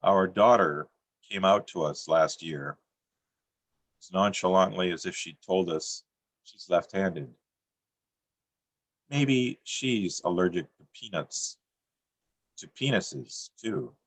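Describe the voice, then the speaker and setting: A middle-aged man reading his own poems on a video call, with a dry, deadpan delivery and self-mocking jokes. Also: low voice, slow, pauses often, no echo. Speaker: featured poet. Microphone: computer mic on a video call.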